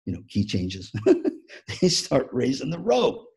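A man giving a motivational keynote talk on music teaching, an animated storyteller who acts out the story. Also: mid-range voice, measured pace, husky. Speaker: music education speaker.

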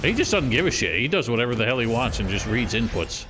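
A man streaming a video game, cursing and yelling at the enemies with frustration. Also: medium pitch, big pitch swings, fast talker, background noise. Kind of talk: live game commentary.

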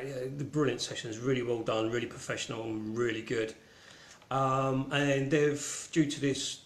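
Rambling Cockney man in an echoey room. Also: medium pitch. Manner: rambling and irreverent, with many ums and mild swearing. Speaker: online gallery show host. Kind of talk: casual live-stream chat.

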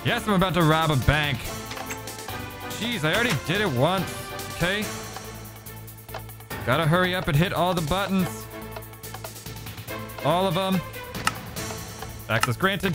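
A man's voice: high-pitched, measured pace, long pauses, over music. A man giving casual gameplay commentary, talking to himself and exclaiming as he plays. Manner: animated, exclaiming, talks to himself. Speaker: let's play gamer.

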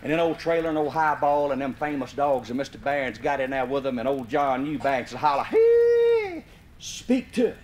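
This Mississippi man, with a Southern US accent and a mid-range voice, talks fast with fairly even intonation and barely pauses. He's delivering a folksy comic story to a live audience, hollering at points. Faint hiss and a roomy sound come from the vinyl live recording.

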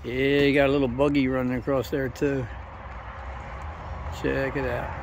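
A man's voice: mid-range voice, flat delivery, normal speed, vocal fry. A man narrating a casual walkthrough, listing prices in a plain, matter-of-fact way on a handheld camera mic. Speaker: camera operator and co-host. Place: outdoors at furniture stores. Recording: outdoor street noise. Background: traffic and outdoor noise.

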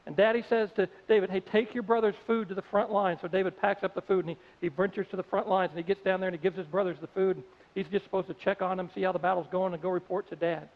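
A man preaches a sermon in a conversational, storytelling way, slipping into the voices of the characters as he goes. His voice sits high. The audio is dull, with a long reverb from a large church hall. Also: fairly even intonation, fast talker. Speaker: pastor.

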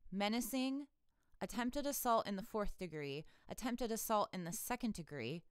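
A woman's voice: medium pitch, animated, moderate pace, smooth, no echo, studio quality. A woman hosting her own political commentary channel, ranting in an irritated, sarcastic way with plenty of profanity and exasperated laughs.

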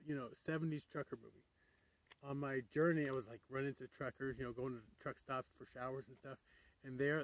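A man's voice: on the high side, low-quality recording. A man talking to camera in a rambling, upbeat, digressive vlog. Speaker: vlogger. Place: outdoors near a crater with trains passing.

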